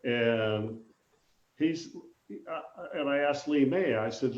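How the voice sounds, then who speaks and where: An older man, a former ballplayer, telling animated stories in a casual interview, acting out the voices he quotes. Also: medium pitch, slow pace, echoey room, dull audio. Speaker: guest, former baseball player.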